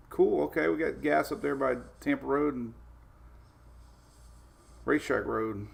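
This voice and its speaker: Male weather-stream host, gravelly and easygoing, chuckles between chat replies. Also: a little high, steady tone, a little slow, pauses often. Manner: laid-back, chuckling, answers viewer comments. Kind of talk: casual live-stream chat.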